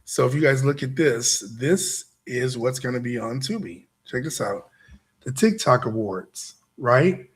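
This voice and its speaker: An animated show host with a medium-pitched voice talks a little slowly as he motivates a live audience. He stresses his points, circles back to them repeatedly, and keeps checking in with "right?"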